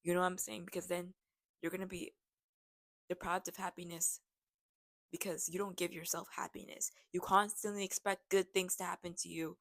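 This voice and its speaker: A young woman in her late teens, with a hoarse voice that sounds deep to her, chatting in a rambling, self-mocking way while she bakes for a vlog. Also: steady tone, moderate pace, loud music behind the voice. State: hoarse from karaoke. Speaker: vlogger. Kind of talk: casual baking vlog chat.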